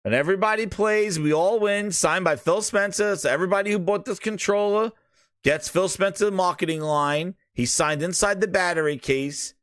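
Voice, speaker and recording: Solo male gaming host, loud mocking rants, higher voice, dry close mic. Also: normal speed, dry recording. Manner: profane, mocking, animated. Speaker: podcast host. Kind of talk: casual gaming rant.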